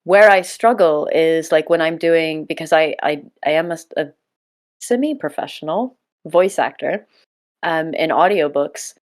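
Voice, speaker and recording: A woman hosting a gaming podcast in casual chat, her voice sitting a little low. She jokes, swears freely and laughs often as she leads the talk. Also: unhurried. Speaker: podcast host.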